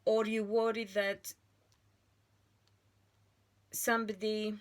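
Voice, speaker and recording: A woman reads tarot cards aloud in an unhurried, deliberate way. Her voice sits at a middle pitch, and she often pauses and restarts her phrases as she thinks. The tone stays sincere throughout. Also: flat delivery. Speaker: tarot reader. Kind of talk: slow, earnest psychic reading monologue.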